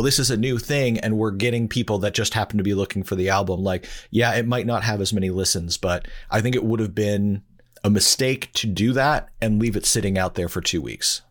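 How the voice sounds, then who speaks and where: Man, podcast host, lower pitch, thoughtful, measured, casual. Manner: thoughtful and measured, reflects at length. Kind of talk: casual chat.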